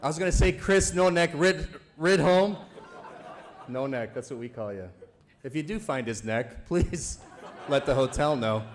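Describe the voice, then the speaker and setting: A man's voice: fairly high pitch, measured pace, a little hiss or hum. Teasing man chuckling through a roast. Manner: chuckles through his jokes, loose and teasing. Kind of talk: stand-up roast set. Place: banquet event before a live audience.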